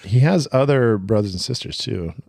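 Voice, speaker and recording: A man co-hosting a podcast in casual chat, relaxed and trailing off, swearing now and then. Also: medium pitch, moderate pace, vocal fry, no echo, studio quality. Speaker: podcast co-host.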